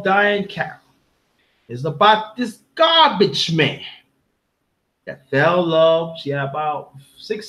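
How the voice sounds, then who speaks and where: A panel host from Brooklyn has a high, slightly bright male voice. He's emotional as he tells a story casually and with feeling, rambling along and restarting repeatedly.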